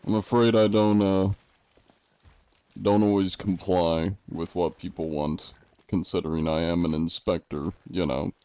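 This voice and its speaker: A man's voice: deep voice, fairly even intonation, a little slow, dark tone, no room sound, dull audio. A man streaming live, chatting casually with his viewers and answering them with dry jokes. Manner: dry, joking, answers chat. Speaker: game streamer.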